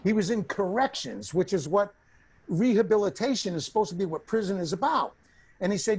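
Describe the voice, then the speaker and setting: Blunt, lively male storyteller. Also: sits high, fairly quick, husky. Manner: lively, blunt, swears freely, acts out quoted people. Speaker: interview guest. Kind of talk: animated personal storytelling in an interview.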